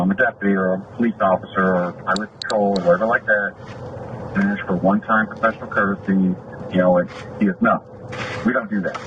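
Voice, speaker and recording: A man's voice: lowish voice, recorded from a distance. Middle-aged man, deputy making a complaint, indignant and aggrieved, dull noisy dash cam audio. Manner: aggrieved, indignant, acts out both sides of a quarrel. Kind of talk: heated retelling of a traffic stop.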